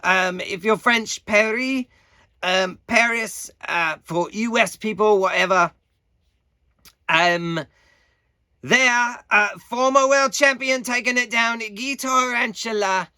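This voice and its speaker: A man giving a casual, halting competition update, full of fillers and pauses. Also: sits high, pushed and bright, smooth, no room sound, studio quality. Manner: halting, many fillers, unhurried.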